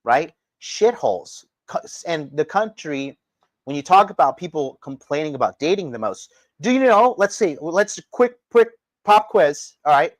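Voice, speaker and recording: Man, livestream host, profane rant, combative, addresses chat, somewhat high voice, dry recording. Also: no echo. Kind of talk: ranting livestream commentary.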